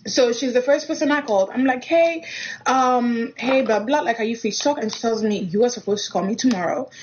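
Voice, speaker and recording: A young woman with a fairly high voice tells a story casually and acts out each line of dialogue with lively energy. The sound is dull and lo-fi. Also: brisk, slight background noise. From Kenya. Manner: animated, acts out quoted dialogue. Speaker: guest telling a personal story. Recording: dull lo-fi recording.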